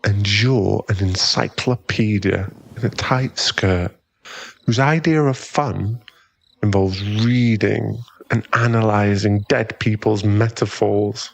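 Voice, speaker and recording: A man's voice: lowish voice, slow, vocal fry, no room sound, full character voice. A young man playing a cocky, smug rival in an ASMR boyfriend role-play, taunting and chuckling as he talks. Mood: smug mocking. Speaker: ASMR roleplay performer.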